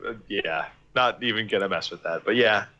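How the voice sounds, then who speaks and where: A man's voice: lowish voice, brisk, highs cut off. A man hosting a podcast in casual chat, telling stories animatedly and acting out the quoted lines. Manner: animated storyteller who acts out quoted lines. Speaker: podcast host.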